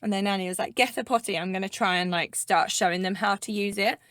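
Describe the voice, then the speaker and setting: A woman's voice: medium pitch, steady tone, fast talker, fairly bright tone, smooth, no echo, clean studio sound. A woman in her thirties from England with an Essex accent, co-hosting a podcast in a chatty, filler-heavy way. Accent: Essex English. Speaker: podcast co-host. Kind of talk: casual chat.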